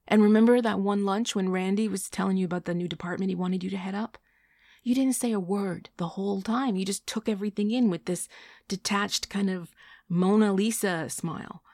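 Frank, hesitant man, read in a woman narrator's own husky voice, dry and close. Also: mid-range voice, darkish tone, dry recording, lightly acted. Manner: hesitant then frank, matter-of-fact. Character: blunt, evasive man explaining a breakup.

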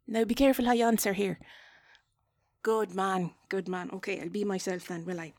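Husky Irish woman, whispered role-play. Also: medium pitch, steady tone, brisk, dry recording. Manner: awkward, self-mocking, breaking off to chat; soft breathy whisper.

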